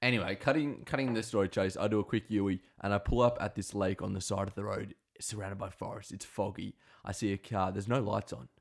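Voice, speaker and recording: A man's voice: lowish voice, fairly even intonation, fairly quick, vocal fry, hardly any pauses. A young man co-hosting a podcast, telling a story in a playful, teasing way with mock suspense. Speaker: podcast co-host. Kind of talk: casual chat, storytelling.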